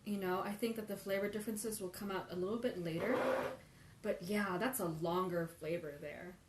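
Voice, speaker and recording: A woman's voice: mid-range voice, steady tone, moderate pace, very noisy. Woman musing over tea in a roomy space. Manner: thinking aloud, musing, comparing tastes. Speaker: tea livestream host. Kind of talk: live tasting chat, reading viewer questions. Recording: roomy livestream audio with faint ambience.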